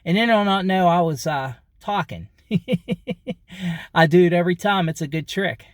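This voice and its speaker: A man's voice: high-pitched, measured pace, dry recording. Rambling man chatting to camera. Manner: rambling, repeats himself, frequent fillers and chuckles. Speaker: vlogger. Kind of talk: casual talk to camera.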